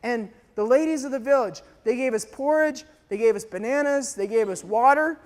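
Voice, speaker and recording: A man from Canada telling a dramatic personal story to a live audience, acting out voices and shouts as he goes. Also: very high-pitched, normal speed, long reverb tail. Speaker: speaker telling a mission story.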